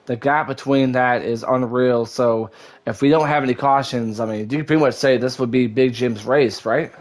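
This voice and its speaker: A male lead commentator calling a sim racing event live, at an everyday middle pitch. He rambles through long sentences and lets his voice climb sharply whenever cars touch or someone spins. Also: moderate pace. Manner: excitable, rambling, voice leaps up during action.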